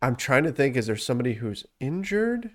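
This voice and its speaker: Man, podcast host, easygoing casual delivery, mid-range pitch. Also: big pitch swings, fairly quick, a bit bright. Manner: easygoing, reacts with short interjections. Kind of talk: casual sports chat.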